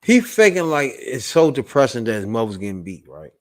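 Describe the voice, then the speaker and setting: A man's voice: mid-range voice, sing-song, fairly quick. A man hosting a podcast, reacting to a clip with blunt, profane, incredulous commentary. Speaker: podcast host.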